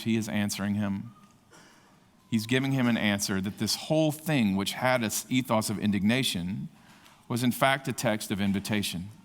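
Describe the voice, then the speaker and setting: Impassioned preacher in a reverberant hall. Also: male voice, on the low side. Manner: impassioned, rising to emphatic peaks. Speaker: conference speaker. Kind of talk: sermon. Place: large conference hall.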